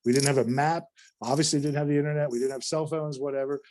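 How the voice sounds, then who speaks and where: A man from North Carolina, a podcast guest, telling a long story in an animated, rambling way, with casual swearing and many restarts. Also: on the high side, quick pace.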